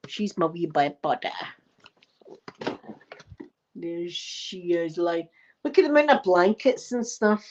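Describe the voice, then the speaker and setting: A Scottish woman in her forties hosts an ASMR livestream, chatting casually and telling rambling, animated stories with the odd swear word. Her voice is fairly low, she speaks slowly with long pauses, and the audio has its highs cut off and a little hiss or hum.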